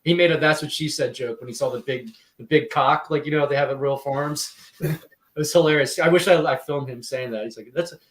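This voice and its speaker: A man's voice: medium pitch, fairly quick, roomy sound. A man co-hosting a casual podcast, telling stories in a chatty way and laughing often. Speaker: podcast co-host and wrestling promoter.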